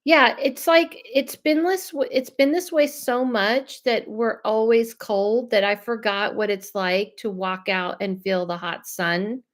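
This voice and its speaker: A woman from Los Angeles, a medium and host of her own live stream, chatting loudly and casually with viewers and reading out their comments. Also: mid-range voice, unhurried, few pauses. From Los Angeles, USA. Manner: loud, chatty, trails off and restarts, laughs often.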